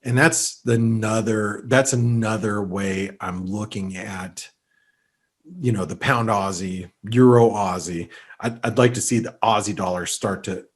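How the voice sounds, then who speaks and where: Man, low husky voice, rambling market commentary webinar, lots of fillers. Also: steady tone, a little slow. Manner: rambling, many fillers and restarts. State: allergies, sneezy. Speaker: market analyst host.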